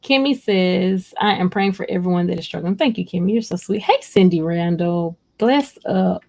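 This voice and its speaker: A woman's voice: on the low side, normal speed, vocal fry, a little mellow. A woman hosting a casual livestream, reading out viewer comments and answering them in a rambling, heartfelt way. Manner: rambling, chatty and heartfelt, addresses viewers directly.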